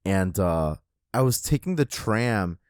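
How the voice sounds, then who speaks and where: A man's voice: on the low side, slow, no room sound. Guy cohosting a chill podcast, swears a ton, gets hyped retelling stuff, dry close mic. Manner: profane, animated retelling of a comic. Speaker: podcast co-host. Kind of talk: casual chat.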